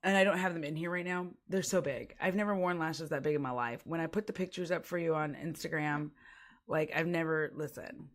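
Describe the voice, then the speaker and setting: A woman's voice: sits low, brisk. A woman streamer in casual livestream chat, rambling and giggly, with lots of fillers.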